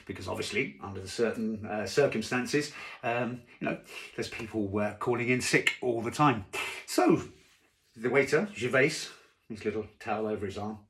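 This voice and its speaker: A man's voice: fairly low pitch, normal speed, fairly bright tone. A man casually telling a long joke to camera from home, rambling with asides and fillers. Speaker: joke teller. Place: home during lockdown.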